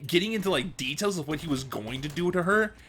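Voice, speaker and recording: Animated, excitable man telling a story. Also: fairly high pitch, fast talker, slight background noise. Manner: excitable, animated retelling with frequent fillers. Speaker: vlogger. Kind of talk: casual storytelling.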